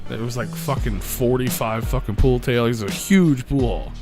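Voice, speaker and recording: A man's voice: medium pitch, moderate pace, music in the background. A man hosting a podcast, telling a night-out story in a laid-back, casual way, swearing often and laughing along. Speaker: podcast host.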